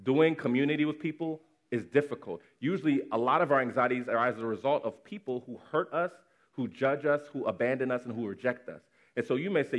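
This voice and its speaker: A man's voice: mid-range voice, brisk. A man preaching a sermon to his congregation in a conversational way, repeating words for emphasis. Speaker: pastor. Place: church congregation.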